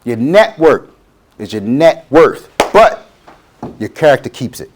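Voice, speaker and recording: A man's voice: medium pitch, big pitch swings, unhurried, a little hiss or hum. A middle-aged man, giving a motivational talk to students and acting out quotes in changing voices. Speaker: guest speaker.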